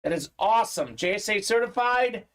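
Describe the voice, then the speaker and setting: A man's voice: sits high, expressive, moderate pace, a bit bright. A man hosting a live sports memorabilia break, chatting upbeat with viewers, reading their comments aloud and peppering his talk with "uh".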